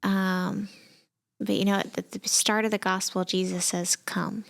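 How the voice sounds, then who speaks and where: A woman's voice: mid-range voice, little pitch movement, moderate pace, gravelly. A woman from Texas, a pastor co-hosting a podcast, talking casually and reflectively with many fillers. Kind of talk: casual conversation.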